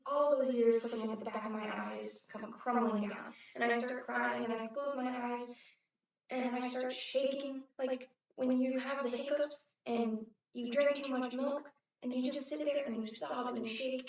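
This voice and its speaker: Brief: woman as a hurt, earnest eleven-year-old girl on a competition stage, halting and restarting, distant and roomy. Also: sits high, fairly even intonation, darkish tone. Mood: tearful. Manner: earnest first-person storytelling with halting restarts. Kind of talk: competitive dramatic interpretation. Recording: roomy, dull, from far off.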